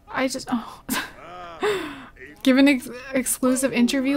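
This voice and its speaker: A young woman giving casual let's play commentary as a gaming channel host, excitable and exclaiming often as she talks to her game characters. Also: high-pitched, takes it slowly, gravelly, long pauses.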